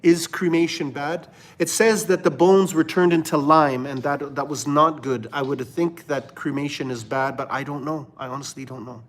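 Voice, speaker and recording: A man from Canada hosting a livestream of religious commentary, preaching fervently and then dropping to a hushed murmur. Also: fairly high pitch, steady tone, moderate pace, hardly any pauses. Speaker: livestream host.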